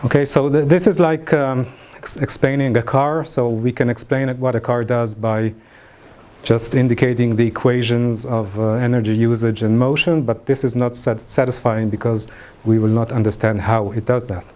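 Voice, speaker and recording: Male lecturer, halting delivery full of fillers, mellow tone, mid pitch. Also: fairly even intonation. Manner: halting, many fillers and restarts. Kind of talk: academic lecture.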